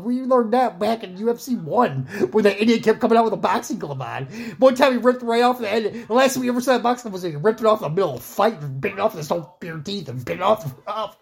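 A woman doing joking amateur play-by-play commentary on a fight, rambling, excitable and whooping. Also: mid-range voice, creaky. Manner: rambling, excitable, whooping and laughing at her own jokes.

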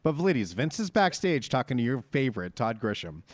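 A man's voice: medium pitch, sing-song, moderate pace, no room sound. A man hosting a podcast in casual chat, riffing with a profane, mock-hyped manner. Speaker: podcast host.

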